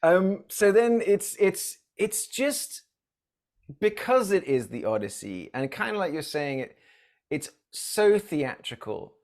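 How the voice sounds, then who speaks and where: A man with a slightly higher-than-average voice co-hosts a relaxed film podcast. He tells stories with animated energy and laughs often. His chat stays loose and conversational. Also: takes it slowly. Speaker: podcast co-host.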